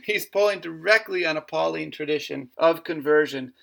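A man discussing a poem in a measured, analytical way in a literature lesson. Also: on the high side, gravelly, fairly bright tone. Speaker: literature teacher.

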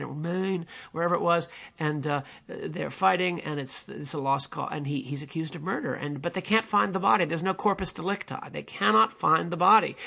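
Older guy in his 70s, gravelly husky voice, earnest podcast storytelling, lots of uhs. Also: fairly high pitch, sharp tone. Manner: earnest, emphatic storytelling with many hesitations. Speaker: podcast host. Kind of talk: solo podcast monologue retelling a TV episode.

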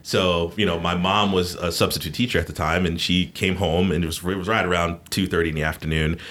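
Deep-voiced man telling a story. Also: brisk, a little hiss or hum. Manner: animated storyteller who laughs often. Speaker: podcast co-host. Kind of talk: casual storytelling chat.

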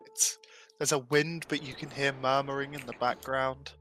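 A man's voice: mid-range voice, little pitch movement, moderate pace, sharp tone, slight background noise. A man narrating a tabletop game as game master in a loose, descriptive way, with frequent ums. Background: faint music.

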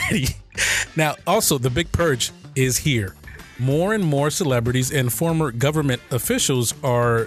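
A man hosting a casual podcast, joking and laughing often as he talks. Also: mid-range voice. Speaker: podcast host.

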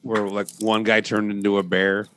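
A man's voice: fairly low pitch, level tone, normal speed, fairly bright tone. A man in casual chat who laughs a lot and fires off jokey comebacks.

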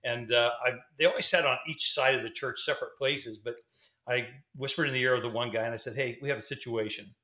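A man's voice: medium pitch, fairly even intonation, quick pace, sharp tone. A middle-aged man, a former pastor, telling a story casually, rambling with fillers and restarts. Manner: rambling, fillers and restarts, laughs between sentences. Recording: roomy echo.

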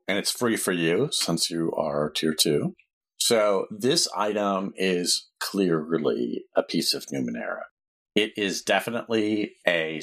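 Male game master, very low and husky, plain easygoing narration. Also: fairly bright tone.

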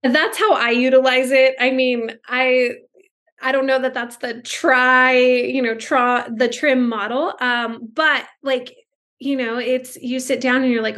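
Over a video call, a woman who works as a speech-language pathologist tells stories in casual conversation. Her voice is high, level in tone, a bit bright and unhurried, and she's chatty, full of fillers and restarts, acting out the quotes.

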